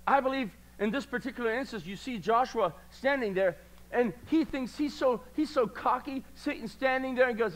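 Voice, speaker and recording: A man preaching a sermon at a church service, repeating lines passionately and swinging between quiet talk and loud declarations. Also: very high voice, normal speed, rough recording.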